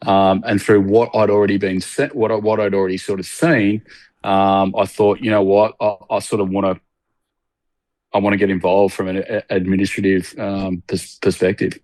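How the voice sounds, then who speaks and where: A man with an Australian accent, a guest on a casual podcast interview, talking haltingly with many fillers and restarts. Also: fairly low pitch, level tone, a little mellow, no echo.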